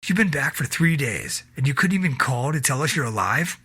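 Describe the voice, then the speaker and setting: A man's voice: medium pitch, animated, brisk, pushed and bright, husky, no room sound, studio quality, voice pushed up. A man voicing a soldier's upset wife who talks with bitter sarcasm in an audio drama.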